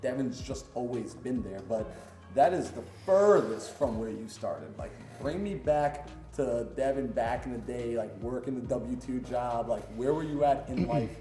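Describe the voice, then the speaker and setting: A man's voice: medium pitch, lively intonation, a little slow, dark tone. A man hosting a podcast interview, casual and affirming as he asks questions. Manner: casual, affirming, says "bro" and "right". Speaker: podcast host. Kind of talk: interview conversation. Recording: echoey room with faint music.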